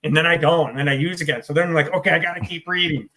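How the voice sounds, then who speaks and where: A middle-aged American man, an author in recovery, tells his own recovery story as an interview guest, blunt, swearing, and self-deprecating. His voice runs high, rapid-fire and sharp, and he sounds choked up. There's slight background noise.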